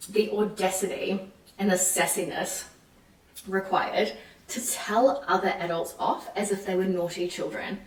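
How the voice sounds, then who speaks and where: A woman's voice: medium pitch, measured pace. A young woman from New Zealand with a New Zealand accent, chatting animatedly in a casual vlog and acting out the people she quotes. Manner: animated, acts out quoted French voices. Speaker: vlogger. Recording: echoey room, mic at a distance.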